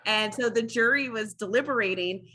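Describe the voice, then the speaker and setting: A woman guest on a podcast interview, a former public defender, telling stories in a lively, animated way and acting out quoted lines. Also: on the high side, normal speed, a little hiss or hum. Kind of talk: casual interview storytelling.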